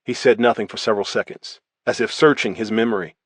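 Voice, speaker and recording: A man narrating a first-person thriller audiobook in a measured, even way. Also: fairly low pitch, breathy edge, dry recording.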